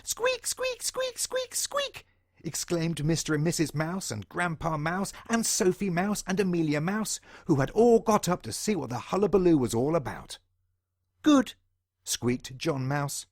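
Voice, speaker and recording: A man's voice: a little high, normal speed, few pauses, no echo, studio quality. A man reading a children's picture book aloud in a theatrical way, punching out the sound-effect words and asking the young listener questions directly. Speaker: storyteller.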